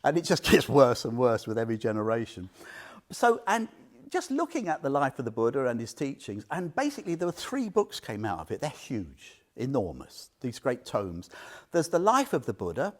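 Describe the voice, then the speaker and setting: A man's voice: medium pitch, normal speed. A man giving an informal Buddhist talk to a small group, telling stories with questions and laughter. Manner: animated storyteller, asks listeners questions, laughs often. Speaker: Buddhist teacher.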